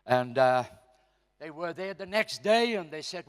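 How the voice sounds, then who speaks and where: A man with a South African accent, a pastor telling a story from his own life at a church service, swinging between loud emphasis and hushed asides. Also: fairly high pitch, lively intonation, unhurried, clean tone. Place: church hall. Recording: reverberant church hall.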